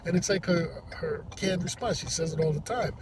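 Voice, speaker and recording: A man who drives for a rideshare service, telling a story to camera in a halting, rambling way, from inside a parked car. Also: high voice. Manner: rambling, halting with many restarts. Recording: distant mic with loud traffic noise. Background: loud vehicle and road noise.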